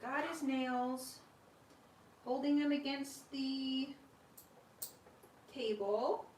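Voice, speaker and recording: A woman's voice: high-pitched, fairly even intonation, extremely slow, a little mellow, slight background noise. A woman host chatting casually on a live stream at home, talking fondly to her pets and laughing often. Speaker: sugar glider owner and channel host. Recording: roomy room with mic at a distance.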